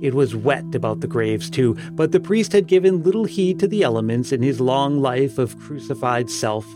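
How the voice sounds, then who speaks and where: A man narrates a dark tale in a measured, solemn way at a middling pitch. Clear music plays behind his reading. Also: expressive. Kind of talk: audiobook narration.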